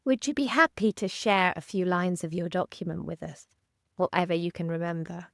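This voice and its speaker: Calm woman podcast host. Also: fairly low pitch, normal speed, gravelly, dry recording, studio quality. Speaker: recovery coach, podcast host. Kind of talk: podcast interview.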